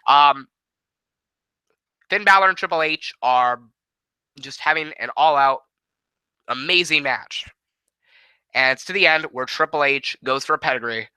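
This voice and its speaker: A man hosting a show who narrates imagined wrestling matches as quick, casual play-by-play and sometimes swears. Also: medium pitch, pushed and bright, clean tone, no room sound, poor audio. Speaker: host. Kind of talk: fantasy booking play-by-play.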